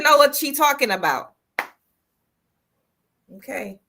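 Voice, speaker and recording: American woman, podcast co-host: bright, forward tone; loose, joking, profane banter. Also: medium pitch, expressive, moderate pace, slight background noise. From United States. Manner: playful, profane, teasing banter. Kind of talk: casual chat.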